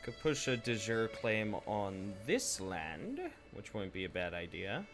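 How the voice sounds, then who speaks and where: A man's voice: lowish voice, sing-song, measured pace, music in the background. A young man giving rambling, casual live gameplay commentary, swearing freely and chatting with viewers. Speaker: Twitch streamer.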